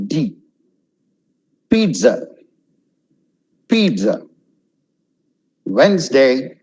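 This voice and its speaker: A man with a Kerala English accent, slowly drilling word pronunciations one by one in an online class. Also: medium pitch, a little mellow, poor audio. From Kerala, India. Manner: slow, deliberate word-by-word drilling, repeating each word. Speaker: pronunciation trainer.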